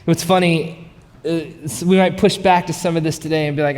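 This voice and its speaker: Pastor, male, middle-aged; lively casual sermon delivery, high voice, big church hall reverb. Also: fairly quick. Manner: energetic, conversational preaching with shouted asides. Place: large church auditorium.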